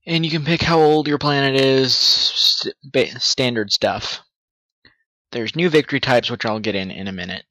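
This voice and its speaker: Bright-voiced gamer thinking aloud. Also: male voice, mid-range voice, normal speed, no echo, poor audio. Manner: rambling, self-correcting, thinking aloud. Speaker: gamer commentating a playthrough. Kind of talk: casual game commentary.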